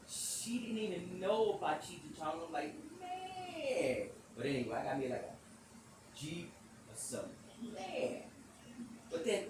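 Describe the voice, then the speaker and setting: A man hosting a podcast, telling a rambling, animated story in speech, swearing casually and acting out the quotes. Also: a little high, far from the mic. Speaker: podcast host. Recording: echoey room, off-mic, background noise.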